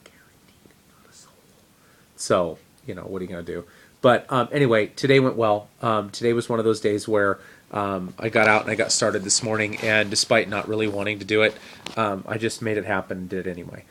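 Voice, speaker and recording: A man's voice: on the low side, a bit bright. A man, a teacher, talking casually to camera in a fitness video diary, rambling with fillers and self-deprecating asides. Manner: rambling, with frequent fillers and restarts. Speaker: teacher sharing a fitness update.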